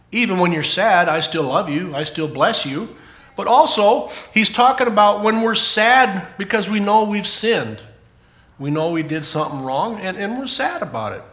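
A man gives a children's sermon in a church, keeping it playful and animated as he quizzes the kids. His voice sits high and bright. The room around him is roomy and echoey. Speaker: children's pastor.

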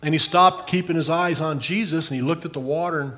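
A man's voice: on the high side, fairly quick, a bit bright. An older man giving a children's sermon, asking the kids questions as he tells the story. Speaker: pastor giving a children's message.

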